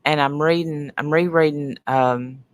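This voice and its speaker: Sniffly, low-voiced woman chatting on a livestream. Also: steady tone, unhurried, no room sound. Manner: rambling, chatty, greets viewers mid-sentence. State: sniffly from sinuses. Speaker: livestream host. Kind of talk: casual livestream chat greeting viewers.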